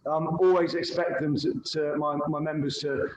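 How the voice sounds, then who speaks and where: A former paratrooper, now a fitness instructor, talks earnestly and circles back over his words. His fairly high voice sounds in an echoey room with faint ambience behind. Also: level tone, normal speed, a little hiss or hum. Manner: earnest, repeats words as he builds a point. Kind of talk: casual call-in chat.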